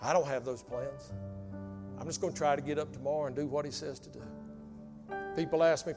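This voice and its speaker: A man preaching a sermon as pastor, telling a folksy story that sinks into hushed intensity. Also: a little high, steady tone, fairly quick, pauses often. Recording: long hall reverb with faint music.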